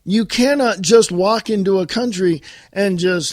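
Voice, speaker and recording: Male podcast host, American, high voice, combative monologue, dry close sound. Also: moderate pace, few pauses, darkish tone, no room sound. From United States. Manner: blunt and combative, addressing listeners directly. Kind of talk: political talk monologue.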